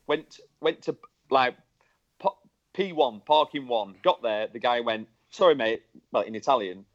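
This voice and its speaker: A man, co-presenting a casual chat and telling an animated anecdote with laughs. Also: medium pitch, measured pace. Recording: muffled lo-fi recording.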